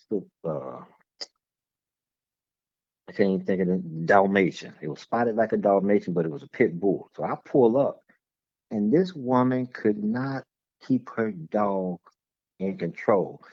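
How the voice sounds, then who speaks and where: A man's voice: lowish voice, gravelly, slightly rough, no room sound. A man who is a guest in a casual conversation, telling rambling stories and repeating words as he goes. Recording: dull lo-fi sound.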